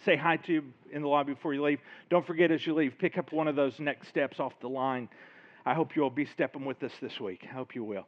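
A man's voice: on the high side, highs cut off. A man, a pastor, winding down his sermon with announcements and a prayer, out of breath and earnest, talking informally with some hesitations.

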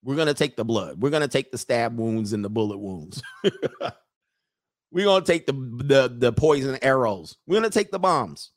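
A man hosting a livestream, ranting to his viewers in a casual, animated way and laughing often. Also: mid-range voice, normal speed, no room sound, studio quality. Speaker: livestream host.

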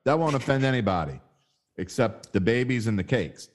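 A man's voice: mid-range voice, animated, normal speed. Wry, teasing man. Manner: wry, teasing, laughs often. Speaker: sports betting podcast co-host. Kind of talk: casual sports chat.

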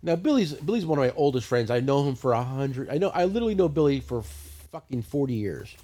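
A middle-aged man hosting a casual podcast, telling stories in a profane, animated way. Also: medium pitch, fast. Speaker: podcast host. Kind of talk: casual chat.

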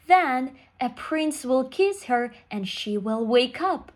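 A kind good fairy from a children's storybook, as a woman reading aloud puts her on. She speaks slowly and soothingly, in a lightly raised voice. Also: high-pitched, animated, heavily acted. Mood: reassuring.

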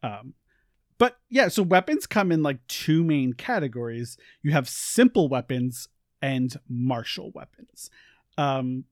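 A man's voice: on the high side, dry recording, clean studio sound. A man co-hosting a podcast, casually explaining tabletop game rules with many fillers and asides. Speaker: co-host.

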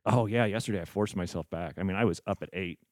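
A man's voice: low-pitched, fast, dry recording, studio quality. A young man hosting a podcast, chatting casually and laughing often at his own expense. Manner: laughs often, self-mocking. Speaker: podcast host. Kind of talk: casual chat. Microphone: podcast microphone.

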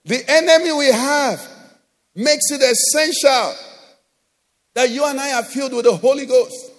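A man with a Nigerian accent preaching a sermon as pastor, animated, acting out quoted voices and often asking "do you understand?". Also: very high voice, a little slow. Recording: long hall reverb.

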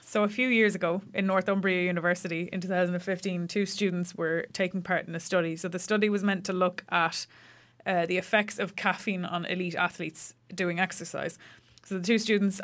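A woman's voice: fairly low pitch, steady tone, fairly quick, hardly any pauses, a bit bright. A woman co-hosting a casual science podcast, explaining facts with many fillers and restarts. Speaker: podcast co-host.

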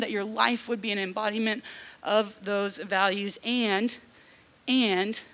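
A young woman preaching a sermon, animated, with casual asides and acted-out voices. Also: on the high side.

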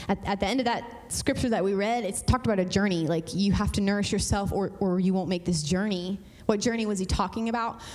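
A woman's voice: mid-range voice, darkish tone. Woman pastor preaching in a hall. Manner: conversational, emphatic, swings between fast and slow. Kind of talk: sermon. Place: church sanctuary. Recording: long church hall reverb.

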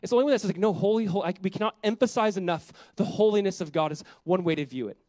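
A male pastor preaching a sermon in an animated way, asking the congregation questions and dropping to a soft voice on quiet points. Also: high voice, very fast, no echo. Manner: drops to a soft, quiet voice on reflective lines.

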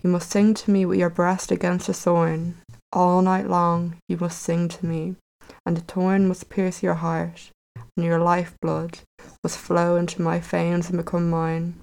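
A woman voicing an old, weary rose tree in a storybook tale, speaking slowly and solemnly. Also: fairly low pitch, monotone, gravelly, darkish tone. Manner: slow, solemn storybook recitation.

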